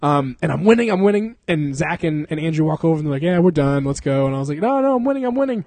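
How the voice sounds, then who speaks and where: Male podcast host, slightly high voice, dry close mic; loose, profane storyteller who breaks into laughter. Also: fast talker, darkish tone, dry recording. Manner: profane, laughs often, acts out people in the story. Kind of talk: casual storytelling chat.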